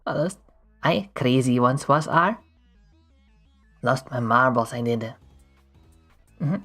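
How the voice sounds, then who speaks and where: Playful woman streamer, very deep voice, slow unhurried chat while drawing, desk mic. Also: lively intonation, a bit bright, faint music behind. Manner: playful and goofy, breaks into laughs and silly voices.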